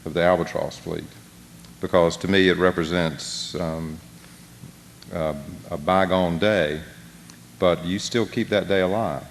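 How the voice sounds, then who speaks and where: A man hosting a storytelling event, introducing a guest haltingly with many ums. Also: sits low, fairly even intonation. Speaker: event host. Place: festival stage. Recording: hall reverb, faint noise.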